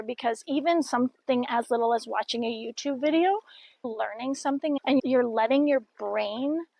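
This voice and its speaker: A middle-aged woman chats to camera in an upbeat, encouraging way, her voice sitting a little high with a gravelly fry running through it. She talks casually, like a cheerleader for her viewers. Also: darkish tone, poor audio. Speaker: vlogger and podcaster. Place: outdoors by a river.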